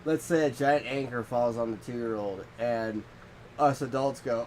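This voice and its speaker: A man co-hosting a casual podcast, telling rambling stories with a minor head cold and acting out quotes in squeaky voices. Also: normal speed, a little hiss or hum. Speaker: podcast co-host. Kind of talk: casual chat.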